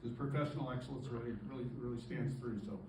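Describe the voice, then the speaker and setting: A man presenting an award with a halting, emotional tribute speech, pausing to clear his throat as he gets choked up. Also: mid-range voice, fairly even intonation, warm tone, a little hiss or hum. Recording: roomy distant recording with faint ambience.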